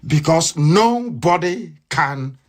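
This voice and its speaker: A man's voice: a little high, animated, takes it slowly. A man giving a live radio broadcast monologue, fiery and scornful, repeating his points.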